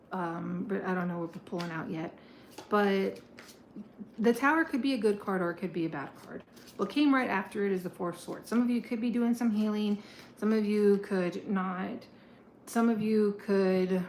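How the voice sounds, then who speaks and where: A woman reading tarot cards to her viewers in a casual, chatty way, getting excited and swearing now and then while she shuffles. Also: medium pitch. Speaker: tarot reader. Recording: echoey room with faint ambient noise.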